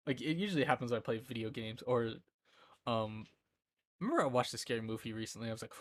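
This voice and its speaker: A young man in his twenties talks on a live stream, giggly and rambling, at a middling pitch. His voice is close and dry, with little room sound around it. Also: fast, no room sound. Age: 20s. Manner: giggly, rambling, often breaks into laughter. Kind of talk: casual chat. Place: indoor room at home.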